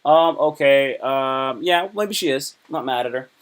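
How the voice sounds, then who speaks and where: A man chatting loosely on a livestream, full of slang and asides. His pitch sits mid-range for a man. He rambles and jokes as he reads posts off his screen. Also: a little slow, smooth. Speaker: livestream host. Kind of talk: casual chat.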